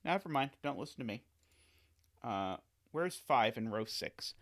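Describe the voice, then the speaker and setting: Lively self-correcting puzzle streamer, man. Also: mid-range voice, measured pace. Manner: talks to himself, corrects himself often, playful asides. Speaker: sudoku streamer. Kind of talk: live-streamed puzzle solving, thinking aloud.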